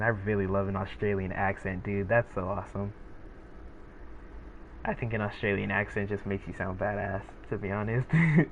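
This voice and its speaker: A teenage guy rambles with his viewers in a loose, laid-back way, piling up fillers and restarts. His voice sits a little low. The sound is thin and tinny like a phone line, with a faint hiss behind it. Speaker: gaming streamer. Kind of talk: casual rambling chat with viewers.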